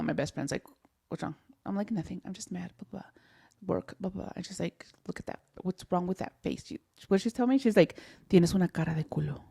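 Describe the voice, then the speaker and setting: Animated young woman telling a story. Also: fairly low pitch, creaky. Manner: animated, restarts often, mixes in Spanish words. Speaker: podcast co-host. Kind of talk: candid conversational storytelling.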